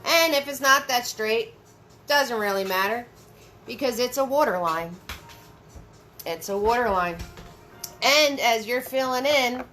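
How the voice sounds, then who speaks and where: A woman's voice: mid-range voice, a bit bright. A woman hosting a live painting lesson, giving step-by-step brush instructions, repeating her key phrases and chatting with viewers by name. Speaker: paint party instructor and host.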